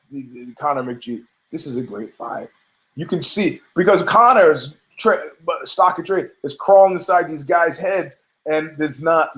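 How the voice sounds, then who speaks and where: Man, podcast host, slightly high voice, brash, profane, rambling commentary. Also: fairly bright tone. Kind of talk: casual opinionated commentary.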